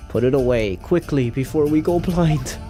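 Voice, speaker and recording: A man's voice: mid-range voice, measured pace, a little mellow, soft background music, natural voice. A man voicing a haughty young princess priestess in a mock-royal, commanding tone. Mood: imperious.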